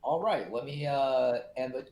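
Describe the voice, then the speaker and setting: A man's voice: mid-range voice, measured pace, dark tone, a little hiss or hum. A man playing in a tabletop game, hesitant, adding up his dice rolls aloud. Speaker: player.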